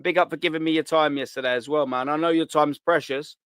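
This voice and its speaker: Host type: London man, voice a touch high, dry close sound, blunt and sweary. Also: fairly even intonation, quick pace, fairly bright tone, clean tone, no room sound. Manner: swears freely, laughs a lot. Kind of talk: casual live chat.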